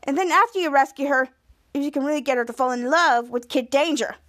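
A woman's voice: high voice, fast talker, fairly bright tone. A woman podcast host casually recapping a TV episode, retelling each scene and raising her voice for the quoted lines.

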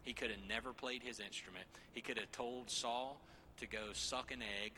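Preacher in his 30s, jokey casual sermon voice, really bright tone. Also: mid-range voice, normal speed, slight background noise. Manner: joking, lively asides to the congregation.

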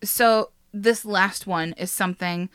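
Bright-voiced excitable woman podcaster. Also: medium pitch, slow, smooth, no echo, clean studio sound. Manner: gushing, excitable, swears casually. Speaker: podcast co-host. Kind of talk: casual podcast chat.

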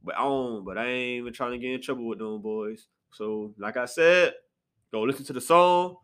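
A man hosting a casual solo podcast from his apartment, swinging between sudden high exclamations and low mutters. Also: normal speed, smooth. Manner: animated, jumps into sharp high outbursts then drops to low mutters. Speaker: podcast host. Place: apartment room.

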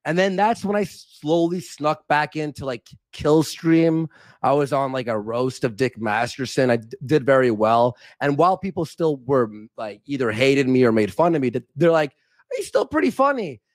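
A young Canadian man appears as a guest on a livestream, speaking at normal speed in a mid-range voice with no room sound. His casual chat rambles and gets heated, full of swearing and stumbling restarts.

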